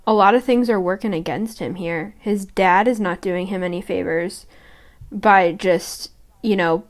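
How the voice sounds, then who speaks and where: A young woman co-hosting a podcast, retelling book scenes in a casual, animated way. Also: medium pitch, a little slow. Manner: reads book quotes aloud, animated retelling. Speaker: podcast co-host. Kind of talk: casual fan discussion.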